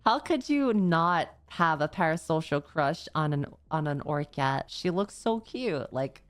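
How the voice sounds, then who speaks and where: A woman's voice: low voice, expressive, a little slow. A woman streamer chatting casually and reading viewer confessions aloud, often stammering and swearing. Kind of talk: casual livestream chat, reading viewer messages.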